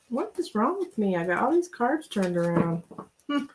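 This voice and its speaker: A woman's voice: a little high, very animated, unhurried, slight background noise, rough recording. A woman reading tarot on a live stream, chatting casually with viewers, laughing often and reading their names aloud. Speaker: tarot reader and livestream host.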